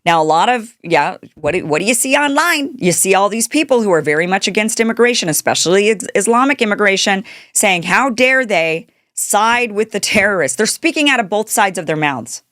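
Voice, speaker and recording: A woman's voice: mid-range voice, lively intonation, a little fast, hardly any pauses, fairly bright tone, no echo, clean studio sound. A woman hosting a political commentary show, talking off the cuff in an indignant tone, firing rhetorical questions and restarting her sentences. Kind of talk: unscripted political commentary monologue.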